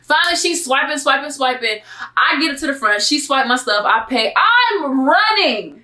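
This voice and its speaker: Bright-voiced young woman telling a story. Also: high-pitched, brisk. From Miami, Florida. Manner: animated, slangy, quotes herself in asides. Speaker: vlogger. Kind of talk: casual storytelling to camera.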